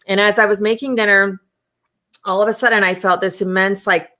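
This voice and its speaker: Bright, animated woman hosting a podcast. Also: mid-range voice, a little fast. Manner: animated, laughing, acts out her own inner dialogue. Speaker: podcast host. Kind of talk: casual conversational storytelling.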